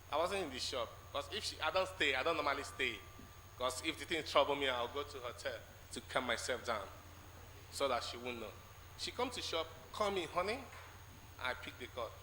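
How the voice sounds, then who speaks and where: A man with a Nigerian English accent giving a spoken testimony in church, telling his story haltingly and acting out the conversations in it. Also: medium pitch, lively intonation, bright, forceful tone. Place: large church hall. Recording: echoey church hall with faint noise.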